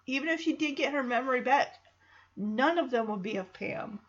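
A woman's voice: sits high, normal speed, dull audio. A woman hosting a podcast, casually recapping a TV episode and acting out the characters' lines. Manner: animated retelling with acted-out quotes. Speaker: podcast host.

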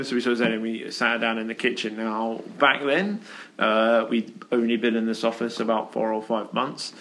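A man's voice: medium pitch, moderate pace, hardly any pauses, bright, forceful tone, a little hiss or hum. A man hosting a casual podcast chat in an office, telling a rambling story with plenty of fillers. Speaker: podcast host.

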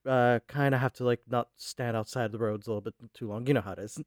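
A man's voice: mid-range voice, fairly even intonation, fast talker, dry recording, studio quality, natural voice. A man voicing a breezy, evasive old war comrade in a tabletop game.

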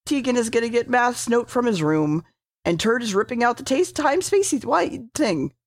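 A woman's voice: fairly high pitch, lively intonation, normal speed, no room sound, studio quality. A woman casually recapping a TV episode, rambling, swearing freely and correcting herself as she goes.

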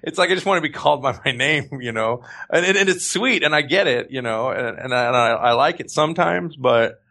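Male host, casual chat, bright forceful tone, rambling and laughing as he goes. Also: mid-range voice, a little fast, vocal fry. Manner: rambling, restarts a lot, laughs easily. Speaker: voice actor, podcast host.

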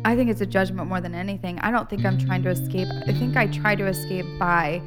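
A woman hosts a relaxed podcast, telling her own story in an animated, candid way. She slips into the voices of the people in it and swears freely. Soft guitar music plays beneath her, clearly heard. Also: medium pitch, quick pace. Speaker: podcast co-host. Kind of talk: casual chat. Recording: faint guitar music underneath.

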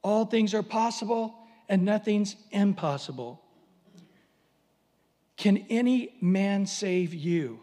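High-voiced preacher in a reverberant hall. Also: male voice, takes it slowly. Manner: animated storytelling, dramatic pitch swings, humorous asides. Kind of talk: sermon.

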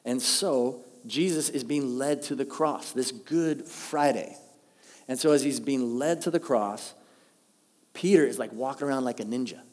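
A man preaching a sermon, telling the story with animated delivery and acting out the quoted lines. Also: medium pitch, measured pace. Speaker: pastor. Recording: long hall reverb.

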